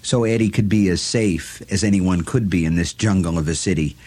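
A man reading a novel aloud as an audiobook narrator, in a measured, deliberate storytelling manner. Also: deep voice, dark tone.

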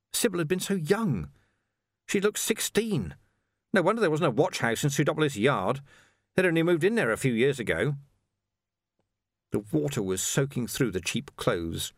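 A man narrating a novel as an audiobook, with dramatic, expressive storytelling. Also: medium pitch, normal speed, no echo, studio quality. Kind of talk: scripted narration.

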